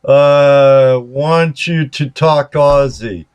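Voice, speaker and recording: A male host on a live show, relaxed, reading out viewer comments. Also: mid-range voice, very slow, clear, resonant tone. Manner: relaxed, reads out chat comments. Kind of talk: casual chat.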